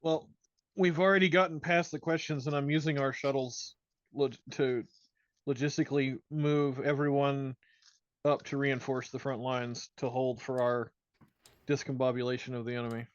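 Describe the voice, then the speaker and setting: A man playing in a tabletop role-play session who speaks in measured, formal phrasing. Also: medium pitch, flat delivery, dry recording, dull audio. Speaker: player.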